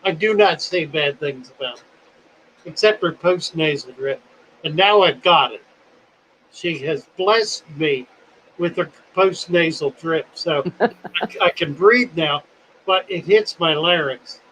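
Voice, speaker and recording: A man's voice: on the high side, a little slow, a bit bright, slight background noise, low-quality recording. A man in his seventies hosting a livestream in a casual, folksy, rambling way, phlegmy and coughing now and then. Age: 70s. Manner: folksy, rambling, self-deprecating. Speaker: host.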